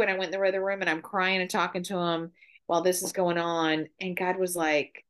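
Earnest middle-aged woman, lowish voice. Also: level tone, fairly quick, clear, resonant tone. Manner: earnest, heartfelt storytelling. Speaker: guest, mother. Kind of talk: casual conversation.

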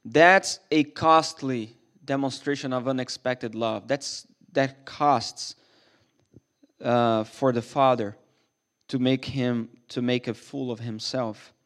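A man's voice: medium pitch, fairly even intonation, takes it slowly, fairly bright tone. A man preaching a sermon as a pastor in a church, earnest and emphatic, often restarting his sentences.

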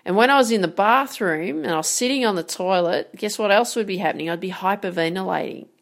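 A woman's voice: medium pitch, fast, creaky. A woman, talking straight to her audience as a sports mindset coach, earnest and emphatic, with frequent rhetorical questions. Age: 40s. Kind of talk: direct-to-camera coaching talk.

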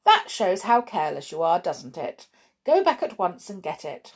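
A woman's voice: fairly low pitch, sing-song, normal speed, husky, heavily acted. A woman voicing a strict, vexed mother who scolds her forgetful daughter. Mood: stern. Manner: firm and scolding.

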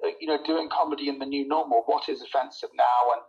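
A man, a comedian guest in a casual interview chat, animated and storytelling, laughing often and repeating words as he gets going. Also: medium pitch, fast, gravelly, highs cut off.

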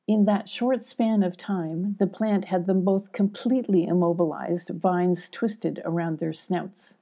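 Older woman, gravelly voice, mellow tone, gentle children's storybook reading. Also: fairly low pitch, a little slow. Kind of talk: audiobook narration for children.

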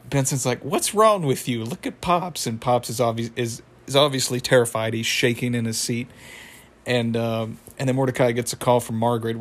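A man casually recapping a cartoon episode, rambling with frequent laughs. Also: mid-range voice. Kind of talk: casual chat.

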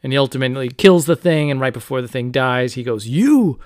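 A man hosting a podcast, casually retelling a novel and reading quotes aloud with lively asides. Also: medium pitch, fast talker, clean tone, no room sound, studio quality. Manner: animated, reads quotes aloud, casual fillers. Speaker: podcast host. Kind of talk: casual book discussion.

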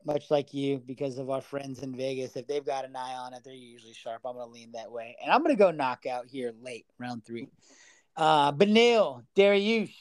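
A man's voice: fairly high pitch, smooth, no room sound. Upbeat man swearing through sports picks. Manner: loose, swears freely, stumbles over names. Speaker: podcast co-host. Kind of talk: casual sports betting chat.

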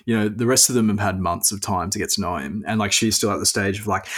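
A man's voice: on the low side, fast, few pauses, a bit bright, slightly rough. A man as a podcast guest in casual chat, rambling and opinionated with lots of filler words.

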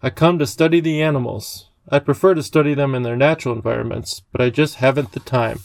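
A man voicing a cheerful, eccentric little old gentleman with a courtly, genial way of talking. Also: mid-range voice, steady tone, fast, gravelly, no echo, close to an everyday voice.

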